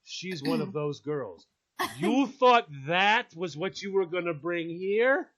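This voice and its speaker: A man's voice: high voice, animated, slow pace, a bit bright. A man telling a funny story with drama, acting out the voices and laughing often. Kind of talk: animated storytelling. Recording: dull lo-fi sound.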